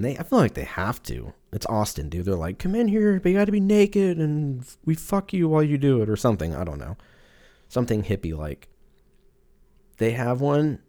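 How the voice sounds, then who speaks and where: A man's voice: fairly low pitch, darkish tone. A man hosting a podcast, riffing profanely in a loose, rambling comic monologue and acting out silly voices for imagined people. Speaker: podcast host. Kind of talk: casual comedic podcast monologue.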